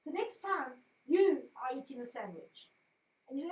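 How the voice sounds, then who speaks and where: A woman with a bright, high voice speaks expressively, with a lot of rise and fall in her pitch. She tells her story in a way that reaches out to children. The room around her is echoey. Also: sing-song, normal speed.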